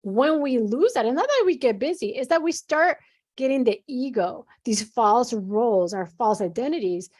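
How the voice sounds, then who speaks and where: Earnest, animated woman speaking about purpose. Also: a little high, moderate pace. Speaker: physician guest. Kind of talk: conversational interview.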